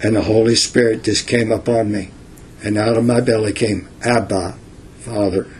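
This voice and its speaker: An older man giving informal Bible teaching in a folksy, unhurried way, reading verses and adding asides. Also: lowish voice, little pitch movement, darkish tone, a little hiss or hum.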